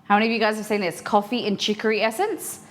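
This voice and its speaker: A woman's voice: mid-range voice, fast. Young aussie woman chatting to her stream while she eats, reads chat out, bit of noise behind. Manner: chatty, reads chat aloud and answers viewers. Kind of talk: casual live-stream chat while eating.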